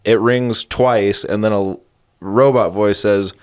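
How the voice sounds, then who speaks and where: A man's voice: on the low side, steady tone, a little slow, darkish tone, clean tone, no room sound. Man in his thirties, podcast co-host, rambling comic storyteller, dry mic. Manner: rambling storyteller, jokey asides. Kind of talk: casual comedic chat.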